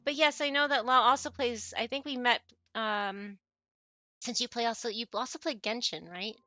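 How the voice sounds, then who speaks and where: A woman's voice: fairly high pitch, moderate pace, sharp tone, no room sound. A woman streamer in casual live-stream chat, chatty and giggly, often trailing off and restarting her sentences.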